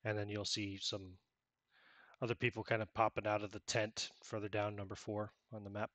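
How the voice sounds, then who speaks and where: A man's voice: lowish voice, little pitch movement, moderate pace, a bit bright, no echo. A man narrating a tabletop game as game master, in a casual way with many fillers and self-corrections.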